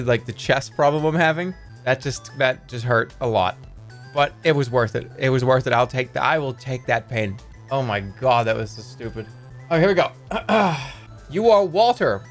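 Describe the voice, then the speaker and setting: A man streaming, chatting casually and reading a text adventure aloud in a rambling, giggly, profane way. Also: mid-range voice.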